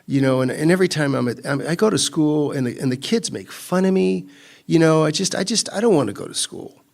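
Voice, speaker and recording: A man's voice: a little high, lively intonation, brisk, gravelly, darkish tone, voice pushed up. A man voicing a whining, reluctant son who does not want to get out of bed. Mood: whiny. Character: whiny grown man who won't get up.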